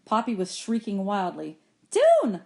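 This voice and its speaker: A woman reads a children's novel aloud for her students. Her voice sits in an ordinary middle range. She reads with expression and raises her pitch when the characters speak. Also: normal speed, a little mellow. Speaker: teacher reading aloud to students. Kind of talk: audiobook chapter reading.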